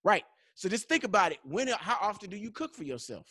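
High, rapid-fire man telling stories. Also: no room sound, clean studio sound. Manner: animated, profane storyteller. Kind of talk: casual chat.

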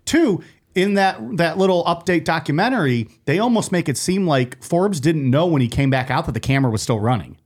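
Man, podcast co-host, casual chat, wry, conversational, higher voice. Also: animated, fairly quick. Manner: wry, uses filler "like" often.

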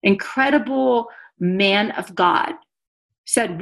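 A woman guest, an author and speaker, talking animatedly and emphatically about faith in a podcast conversation. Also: medium pitch. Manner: animated and emphatic, quick asides with laughter.

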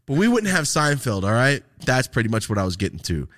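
Medium in pitch and fairly quick, this young Californian podcast host tells stories during casual chat. He's animated, laughs frequently and cusses all the time.

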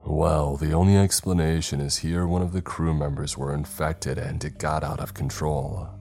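A man voicing a commanding male spaceship crew leader who talks briskly and takes charge. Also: a bass voice, steady tone, gravelly, darkish tone.

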